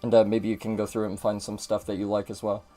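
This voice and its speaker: A man's voice: lowish voice, monotone, fast, dark tone, faint music behind. A man giving casual gameplay commentary as a streamer, chatty and swearing a lot.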